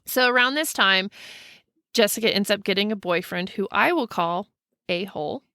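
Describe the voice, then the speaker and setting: Bright-voiced woman telling a ghost story. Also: moderate pace, no room sound, studio quality. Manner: animated, acts out quoted people with pitch swings. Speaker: podcast co-host. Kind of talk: casual storytelling.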